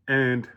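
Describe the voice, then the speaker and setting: A man's voice: fairly high pitch, creaky, sharp tone, slightly rough. A man casually rambling through a home cooking vlog, chatty and full of fillers, restarts and asides.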